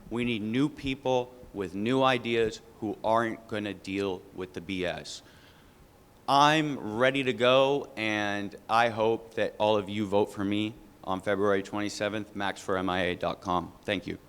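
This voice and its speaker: A man's voice: on the low side, fairly even intonation, moderate pace, few pauses, clean tone. A man giving a blunt, rallying campaign speech as a political candidate. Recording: hall reverb.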